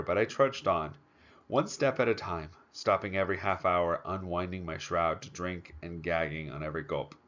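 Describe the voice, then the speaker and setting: A man narrating a first-person audiobook in a steady, plain storytelling manner. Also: sits low. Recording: dull lo-fi recording.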